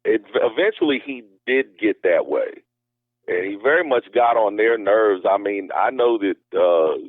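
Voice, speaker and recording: A man's voice: fairly low pitch, animated, measured pace, no room sound. A man telling a story as an interview guest in a loose, rambling way, heard over a tinny phone line. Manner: rambling, many fillers and restarts. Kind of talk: casual storytelling.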